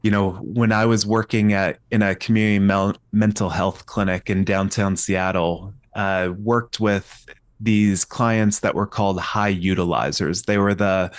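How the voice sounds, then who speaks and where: A man's voice: on the low side, steady tone, measured pace, dry recording, clean studio sound. A man talking as a therapist guest on a podcast, reflective and searching, often restarting his sentences. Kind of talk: podcast conversation.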